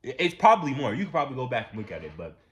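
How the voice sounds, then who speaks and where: A man giving a casual, profane, ranting commentary, repeating himself and getting louder when worked up. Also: mid-range voice, very fast. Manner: animated, repetitive, profane, rising to near-shouts when worked up. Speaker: commentary channel host.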